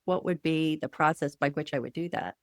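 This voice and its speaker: Female podcast host, low-ish voice, thoughtful questioner, dry sound. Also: brisk, no echo. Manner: asks long, thoughtful questions. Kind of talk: casual interview.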